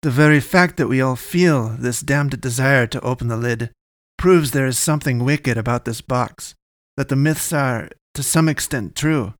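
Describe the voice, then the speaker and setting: A man voicing a frightened civilian man who pleads in a hushed voice. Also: mid-range voice, normal speed, dry recording, studio quality, voice pushed up, lightly acted. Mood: pleading.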